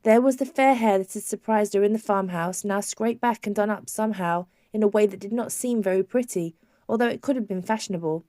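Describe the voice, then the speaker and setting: A woman narrates a novel in a measured, even storytelling manner, at a middle pitch. Her voice is close and dry, with no room sound. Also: no room sound. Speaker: audiobook narrator. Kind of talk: scripted narration.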